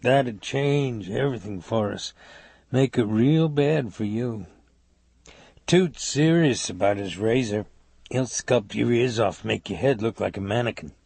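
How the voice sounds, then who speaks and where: A man's voice: medium pitch, a little slow, vocal fry, darkish tone, slightly rough, no echo. A man voicing a cruel, taunting male mob thug who talks in a crude, menacing way. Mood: threatening.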